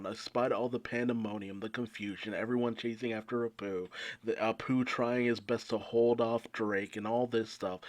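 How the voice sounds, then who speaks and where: A man reviewing a manga chapter in casual, animated commentary, swearing freely. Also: medium pitch. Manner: animated, swearing, fan excitement.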